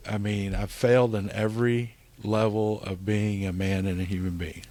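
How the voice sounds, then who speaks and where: In casual spiritual recovery talk on a podcast, a middle-aged co-host speaks earnestly, frequently saying "you know." His voice is lowish and a little mellow, steady in tone and moderate in pace.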